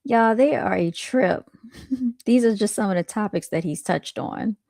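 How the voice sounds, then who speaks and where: A woman's voice: medium pitch, measured pace, gravelly, darkish tone, dry recording, studio quality. Chatty woman streamer talking to viewers. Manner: chatty, addresses viewers as y'all, laughs often. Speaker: streamer reacting to clips. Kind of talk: casual chat to viewers.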